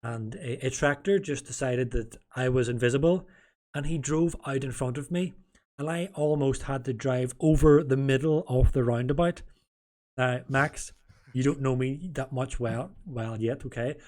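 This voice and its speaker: A man's voice: medium pitch, moderate pace, darkish tone. A man hosting a live online stream, talking in a loose, rambling way. He corrects himself mid-sentence, drifts off topic and jokes with his guests. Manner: rambling, self-correcting, jokey. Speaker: stream host and interviewer. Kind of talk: casual live-stream interview.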